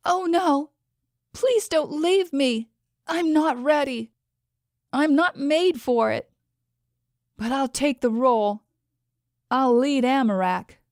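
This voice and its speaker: A fierce young woman mage, grieving and pleading, her voice lifted well above the reader's own low tone, as a woman reader puts her on. The audiobook voice sounds close and dry. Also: lively intonation, a little slow, no echo. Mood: desperate. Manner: pleading, raised voice.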